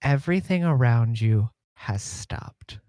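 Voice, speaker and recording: A man's voice: medium pitch, lively intonation, slow, dark tone, no room sound. A man narrating as game master in a tabletop role-playing game, playful and laughing often.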